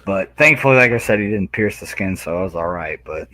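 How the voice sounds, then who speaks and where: Lively, bright-voiced man telling stories. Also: sits low, fairly quick. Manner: animated storytelling, acts out voices and laughs loudly. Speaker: guest. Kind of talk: casual chat.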